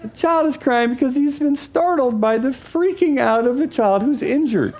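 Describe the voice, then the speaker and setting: A man giving a teaching talk to an audience, animated and acting out examples as he speaks. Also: very high-pitched, normal speed, a little hiss or hum.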